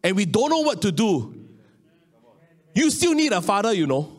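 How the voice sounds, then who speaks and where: High-voiced Singaporean man preaching. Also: moderate pace. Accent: Singaporean English. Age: 30s. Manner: storytelling, swinging between hushed low lines and raised excited ones. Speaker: pastor. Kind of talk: sermon.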